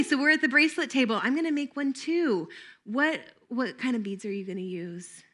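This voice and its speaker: Woman trainer, higher-pitched, bright tone, chatty workshop delivery. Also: fairly quick. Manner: lively, conversational, engages audience with questions. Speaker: camp staff trainer.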